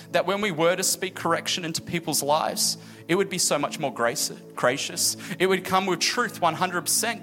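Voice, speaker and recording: A man with a high voice preaches a sermon in a relaxed, joking way, slipping into the voices of the people in his story. His words ring out in a large echoing hall. Music plays softly behind him. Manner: casual, joking asides and acted-out quotes. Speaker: pastor.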